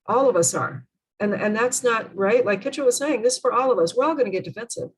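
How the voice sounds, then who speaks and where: Husky woman leading an online workshop. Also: a little high, fast, rough recording. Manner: earnest, emphatic, rhetorical questions. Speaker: workshop presenter. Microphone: video call.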